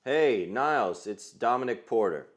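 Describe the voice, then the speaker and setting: A man plays a hesitant filmmaker who stumbles over his words. He speaks slowly, at a mid pitch. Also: expressive. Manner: hesitant, halting.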